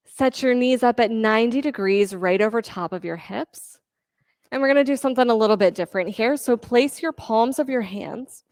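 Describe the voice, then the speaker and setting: A woman guides a yoga class at an unhurried pace, calling out breaths and counting reps with steady encouragement. The recording is dry and close, with no room sound. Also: mid-range voice, dry recording. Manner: calm, encouraging counting and cueing. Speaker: yoga instructor.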